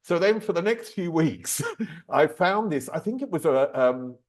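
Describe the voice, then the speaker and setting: Chatty male interviewer, slightly high voice. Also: expressive, unhurried. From southern England. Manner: chatty, laughs while telling stories. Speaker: podcast host, interviewer. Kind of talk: casual interview chat.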